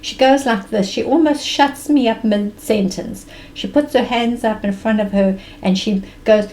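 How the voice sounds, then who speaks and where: Expressive woman telling a personal story. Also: medium pitch, moderate pace, slight background noise, rough recording. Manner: expressive, animated retelling with vivid present tense.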